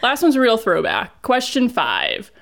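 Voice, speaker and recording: A woman co-hosting a podcast, reading out multiple-choice quiz questions briskly. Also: on the high side, very animated, creaky, fairly bright tone. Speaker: podcast co-host, quiz master.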